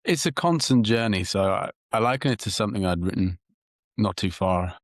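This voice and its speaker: A man, a psychotherapist speaking as a guest in a measured, reflective way and often repeating words as he thinks. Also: lowish voice, expressive, no room sound, studio quality. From England. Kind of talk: reflective interview talk.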